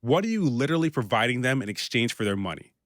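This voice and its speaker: A man's voice: medium pitch, sing-song, fast, dry recording, clean studio sound. A man hosting a business podcast, delivering a direct, practical scripted monologue with the odd light joke. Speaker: podcast host and business consultant.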